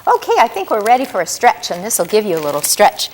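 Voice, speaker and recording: A woman's voice: medium pitch, slight background noise. A woman reading a picture book aloud to young children as storyteller, asking them questions as she goes. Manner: animated, asks children questions often; drawn-out sing-song rhyming delivery.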